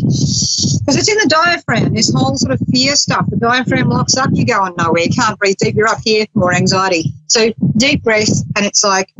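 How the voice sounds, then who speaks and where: Woman, talk show host, chatty, fairly high voice, dull lo-fi audio. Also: normal speed, a bit bright, a little hiss or hum. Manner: chatty, laughs often, acts out quotes. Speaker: psychic radio show host. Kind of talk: casual talk show chat.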